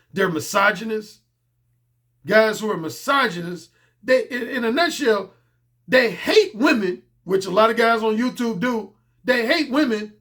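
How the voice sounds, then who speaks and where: Male dating coach, high forceful voice, blunt and profane, hammers points by repeating them. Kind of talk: blunt casual monologue.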